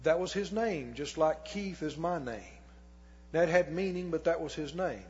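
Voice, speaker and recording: A man preaching a sermon as pastor, reading scripture slowly and putting questions to the congregation that he answers himself. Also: a little high, expressive, slightly rough. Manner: reads scripture slowly and deliberately. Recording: long hall reverb, dull lo-fi sound.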